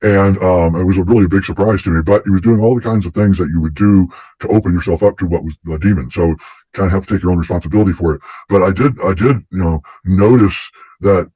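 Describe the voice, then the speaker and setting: A man's voice: deep voice, fast talker, dark tone, husky, no echo, rough recording. A man hosting a casual talk show, telling stories in a rambling way with many restarts. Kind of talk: casual conversation.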